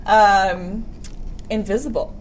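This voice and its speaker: A woman's voice: mid-range voice, steady tone, slight background noise, poor audio. A young woman co-hosting a casual chat, telling stories in a chatty way and laughing easily. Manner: chatty storyteller, quick to laugh. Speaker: co-host.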